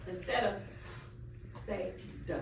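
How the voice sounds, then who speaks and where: A young woman student teacher leading a class in a phonics drill, with clear, drawn-out prompts and quick praise, recorded in a classroom by a camera at a distance. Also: medium pitch. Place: classroom full of children. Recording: echoey, distant classroom recording with background noise.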